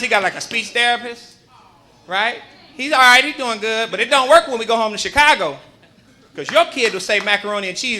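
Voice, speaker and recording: Male stand-up, high bright voice, punchy stories, faint room noise behind. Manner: animated, punchy storytelling. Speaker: stand-up comedian. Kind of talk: live stand-up set. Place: comedy club stage.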